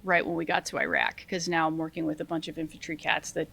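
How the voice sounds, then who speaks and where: A middle-aged woman, a retired Army sergeant, telling stories as a podcast guest in a lively, self-deprecating way, laughing often and acting out what people said. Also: low-pitched, fast, creaky, a little hiss or hum. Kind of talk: casual interview storytelling.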